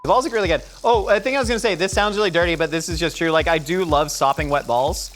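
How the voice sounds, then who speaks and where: A woman's voice: on the low side, fast talker, a little hiss or hum. A woman hosting a cooking show, joking and chatty as she cooks in a studio kitchen. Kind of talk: casual cooking show banter.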